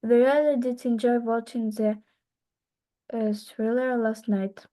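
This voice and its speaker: A woman learning English on a video call, reading aloud in a hesitant, halting way and stumbling over words. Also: on the high side, steady tone, warm tone.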